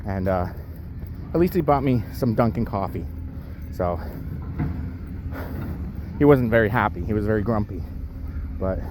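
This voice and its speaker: Breathy man vlogging on a walk. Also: on the low side, noisy background. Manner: rambling, many fillers, talks to his dog. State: breathing heavy from an uphill walk. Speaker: powerlifter vlogging his day. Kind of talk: casual vlog talk while walking a dog. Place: outdoors on a walk.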